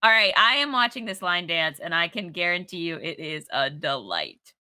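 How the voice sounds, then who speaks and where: A woman's voice: on the low side, lively intonation, normal speed, pushed and bright. A young woman co-hosting a game stream, chatty and giggly, wandering off on tangents. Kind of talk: casual game-stream chat.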